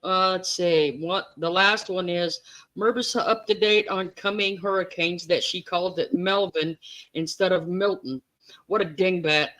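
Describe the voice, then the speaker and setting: A woman in a casual chat with friends, speaking in hesitant, soft-spoken asides. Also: lowish voice, fairly even intonation, unhurried.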